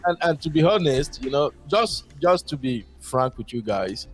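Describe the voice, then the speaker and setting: A man's voice: fairly high pitch, animated, normal speed, faint music behind. A Nigerian man calling in to a talk show, chatting casually and rambling, slipping into Pidgin. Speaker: caller. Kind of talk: casual call-in chat.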